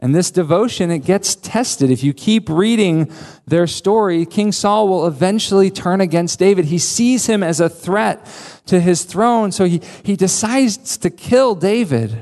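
Male pastor, sermon delivery, slightly high voice, unhurried and emphatic, long hall reverb. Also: lively intonation, darkish tone. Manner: emphatic, earnest preaching with dramatic pauses.

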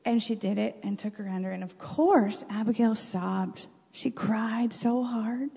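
A middle-aged woman and mother telling personal stories in an earnest, faith-centered way, animated when retelling. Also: mid-range voice, measured pace, creaky, slightly rough. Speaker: mother and podcast guest. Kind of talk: reflective personal storytelling. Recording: dull recording with long reverb.

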